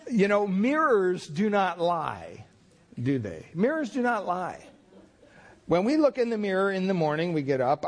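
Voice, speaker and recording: Folksy higher-voiced male pastor. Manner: conversational, folksy storytelling with fillers. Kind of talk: sermon.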